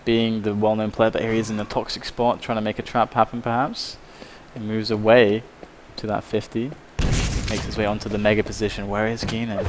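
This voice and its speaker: A man casting a live esports match, excitable and loud at big plays. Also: fairly low pitch, a little fast, a little hiss or hum. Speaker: esports caster. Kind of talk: live game commentary.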